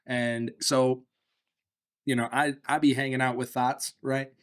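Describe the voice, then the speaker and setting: A man's voice: medium pitch, little pitch movement, a little slow, a bit bright. A man co-hosting a podcast in casual banter, rambling and swearing a lot, laughing often. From Michigan. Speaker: podcast co-host.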